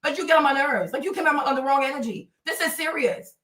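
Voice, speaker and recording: High, bright-voiced woman ranting to chat. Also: animated, quick pace. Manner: blunt and profane, addresses commenters directly. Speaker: live streamer. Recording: roomy, from a distance.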